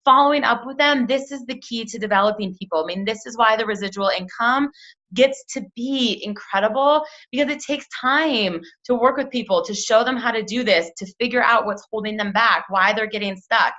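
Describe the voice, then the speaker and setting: A woman's voice: a little high, fairly quick. A young woman coaching her sales team in a casual talk, chatty and full of "like", often acting out quotes. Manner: chatty, lots of "like", acts out quotes in lively voices. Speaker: team leader training a sales team. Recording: dull lo-fi sound.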